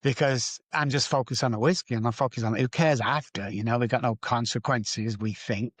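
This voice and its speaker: A man's voice: steady tone, brisk, no room sound. Emphatic man telling a recovery story. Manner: emphatic, repetitive, rises in pitch for stress. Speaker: guest, addiction recovery doctor. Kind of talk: candid interview storytelling.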